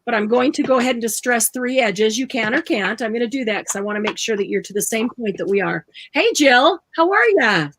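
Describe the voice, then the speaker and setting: A woman's voice: fairly high pitch, animated, fairly quick, few pauses, a bit bright, poor audio. A woman hosting a live craft tutorial, chatting and explaining each step aloud while she works. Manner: chatty, laughs often, explains steps aloud.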